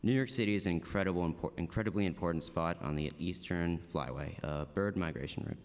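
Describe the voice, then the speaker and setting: A teenage boy earnestly reads prepared testimony in a very low, smooth voice. The chamber adds a long reverb behind him. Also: fast talker. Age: teens. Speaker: student testifying. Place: council chamber.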